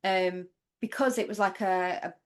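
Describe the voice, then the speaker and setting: A woman from England with a London accent, a podcast guest telling stories in casual, animated chat. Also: medium pitch, normal speed. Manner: animated storyteller, swears freely.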